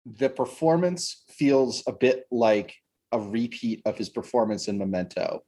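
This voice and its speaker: A man's voice: mid-range voice, measured pace, husky. Man in a chatty film podcast. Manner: animated, laughs often, acts out quotes. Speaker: podcast co-host. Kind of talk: casual chat about films.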